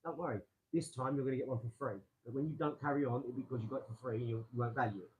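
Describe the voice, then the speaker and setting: A man hosting a casual live stream from his garage, rambling excitably and talking straight to his viewers. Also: mid-range voice, racing, narrow, tinny audio, slight background noise. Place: home garage.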